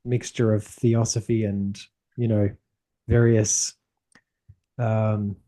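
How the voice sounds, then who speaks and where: A man hosts a podcast conversation in a fairly low, dark voice with little pitch movement, taking his time. His casual talk is thoughtful yet loose and rambling, with frequent restarts.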